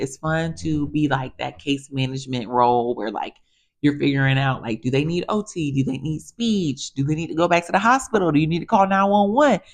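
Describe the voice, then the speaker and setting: A woman physical therapist telling stories in a chatty, animated way, addressing viewers casually. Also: sits low. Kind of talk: casual storytelling monologue.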